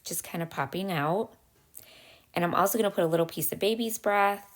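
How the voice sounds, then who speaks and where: A woman hosting a craft channel, talking casually through a step-by-step tutorial, chatty and full of little pauses. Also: mid-range voice.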